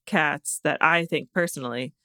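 A woman's voice: sits low, sharp tone, no echo, clean studio sound. A woman co-hosting a casual podcast, reacting playfully and joking along. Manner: playful, quick reactions and jokes. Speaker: podcast co-host. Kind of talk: casual chat.

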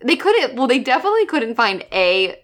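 A young woman co-hosting a podcast, animated and blunt, swearing and laughing as she picks a movie apart. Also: on the high side, a little fast. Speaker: podcast co-host. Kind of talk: casual chat recapping a movie.

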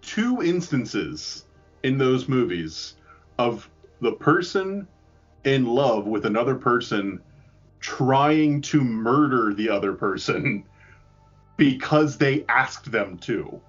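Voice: medium pitch, expressive, takes it slowly, slightly rough, lo-fi sound, faint music behind. A speaker in a casual chat, rambling, swearing and laughing often.

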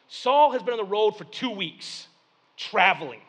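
A man, preaching a sermon with animated storytelling and acted-out voices. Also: high voice, measured pace, husky. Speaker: pastor.

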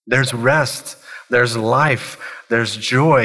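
A man's voice: medium pitch, unhurried, a bit bright, long reverb tail, rough recording. A man preaching a sermon in a church, earnest and building his points with short repeated phrases. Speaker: pastor.

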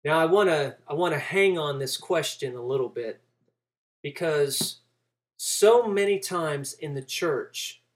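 A man's voice: on the high side, expressive, a little slow. A man preaching a sermon, walking through a passage and acting out the quoted lines with rising emphasis.

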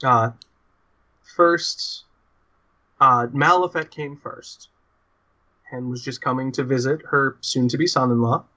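Tabletop role-play: a man plays a weary male creature guard, secretive, halting speech, mid pitch, slightly muffled audio. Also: bright, forceful tone. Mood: uneasy. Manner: halting, full of restarts.

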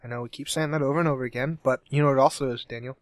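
A man's voice: medium pitch, fairly even intonation, rapid-fire, no echo. A young man from Cincinnati chats casually as a podcast co-host, rambling and restarting his sentences. His voice sits mid-range and is recorded close and dry, with no room around it. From Cincinnati, USA. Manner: rambling, self-correcting, laughs often. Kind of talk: casual chat.

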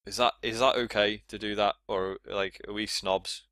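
A young English man chats loosely on a podcast, his voice low-pitched yet bright. He rambles with plenty of fillers and laughs often. The sound is dry and close. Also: fairly even intonation, moderate pace, dry recording. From England. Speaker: podcast co-host. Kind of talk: casual chat.

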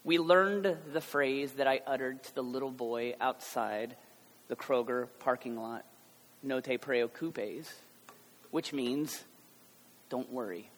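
A man's voice: mid-range voice, unhurried. An American man in his thirties preaching a conversational sermon with joking asides, building to emphatic passion. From United States. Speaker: pastor. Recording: long hall reverb.

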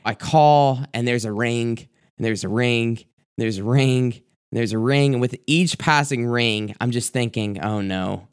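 A man's voice: mid-range voice, unhurried, clean tone. A young man, a youth pastor, telling a candid personal story of his own mistake as a sermon testimony, with lots of casual fillers.

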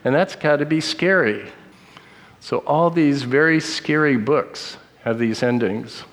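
A man's voice: a little high, a bit bright. Middle-aged man preaching in reverberant hall. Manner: joking quiz-master, slows for read quotes. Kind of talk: quiz-style sermon.

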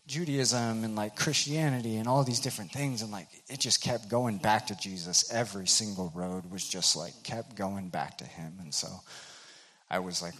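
A man's voice: lowish voice, brisk, a bit bright. Casual young man full of fillers. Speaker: speaker sharing a testimony. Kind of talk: casual spoken testimony.

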